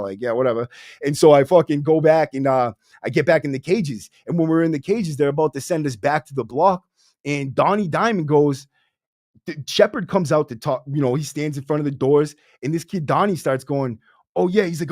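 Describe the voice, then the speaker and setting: A man's voice: on the high side, a little fast, a little mellow, no echo, studio quality. A young man hosting a podcast, telling a story in a casual, streetwise, profane way, full of "bro". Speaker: podcast host. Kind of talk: casual storytelling to a livestream audience.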